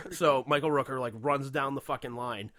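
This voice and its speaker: A male podcast host telling stories casually, with plenty of cursing and laughs in between. His voice sits at a middle pitch. The sound is dry and close to the mic. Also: normal speed, no echo. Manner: animated storytelling, heavy swearing, frequent laughter. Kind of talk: casual chat.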